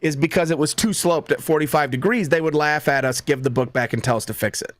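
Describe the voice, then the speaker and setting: A man who is a guest author in a casual interview, telling stories in a lively way and acting out what other people said. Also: fairly high pitch, fast, no echo. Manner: lively storyteller who acts out quotes.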